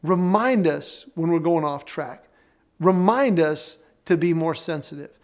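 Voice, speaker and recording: A man's voice: on the high side, a little slow. A man presenting a faith-based marriage teaching session, earnest and conversational, telling stories and leading the audience through exercises.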